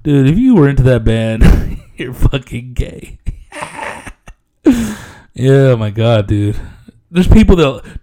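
A man's voice: medium pitch, sing-song, slow pace, pauses often, mellow. A middle-aged man hosting a comedy podcast, rambling casually in slang and profanity and laughing often.

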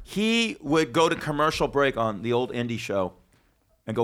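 A man hosting a casual podcast, joking loudly and swearing, his voice swinging from high excited bursts to low asides. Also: normal speed. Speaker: podcast host.

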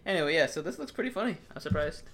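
A man's voice: fairly high pitch, very fast. A man hosts a casual podcast in an easygoing voice. He swears freely and pads his sentences with "uh" and "like" as he goes. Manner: relaxed, profane, hesitant with fillers. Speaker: podcast host. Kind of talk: casual chat.

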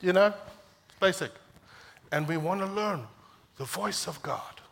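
A man's voice: unhurried, gravelly. Passionate male preacher. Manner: passionate, rises to emphatic peaks and drops low when quoting scripture. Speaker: pastor. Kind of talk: sermon. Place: church.

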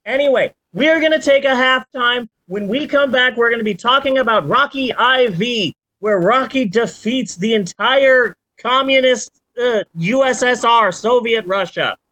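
A podcast host in their forties in casual chat, animated and swearing freely. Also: medium pitch, moderate pace, hardly any pauses, low-quality recording. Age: 40s.

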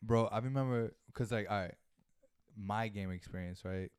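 A man's voice: lowish voice, moderate pace, a crowd in the background. A man, co-hosting a podcast in loose, profane casual chat. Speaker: podcast co-host.

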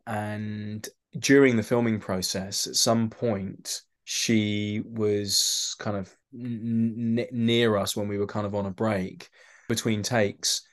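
A man with a London accent, an actor telling animated anecdotes in a podcast interview, often restarting his sentences and acting out the voices of the people in his stories. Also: on the low side. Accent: London English. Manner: animated storyteller, acts out quoted voices, many restarts. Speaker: actor guest.

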